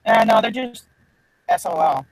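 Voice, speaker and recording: A man guesting on a casual chat, telling lively anecdotes, acting out quotes and swearing casually. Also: high-pitched, normal speed, creaky, dry recording, poor audio. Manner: animated storyteller, acts out quotes, swears casually. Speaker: guest reseller.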